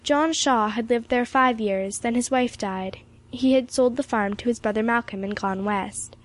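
A woman narrates an audiobook with a steady, expressive reading. Her voice sits a little high for a woman. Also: normal speed.

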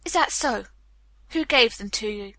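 A stern male police captain who fires off hard questions and won't let up, read by a woman. The voice sits a little high and bright, recorded close and dry with no room around it. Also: lively intonation, unhurried, no room sound.

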